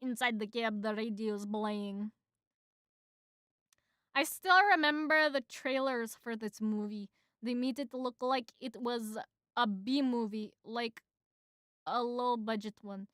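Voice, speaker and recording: A young woman streamer reads a film script aloud, casual and rambling with fillers. Her voice is high, bright and crisp. It is recorded close on a desk mic with a dry sound. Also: slow, no echo. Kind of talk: casual script read-through.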